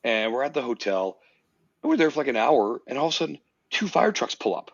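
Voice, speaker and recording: A man hosting a podcast, telling a story in a casual, animated way, swearing freely. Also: mid-range voice, a little fast, vocal fry, husky, no echo, dull audio. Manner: animated storyteller, swears freely, puts on silly voices in quotes. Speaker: podcast host.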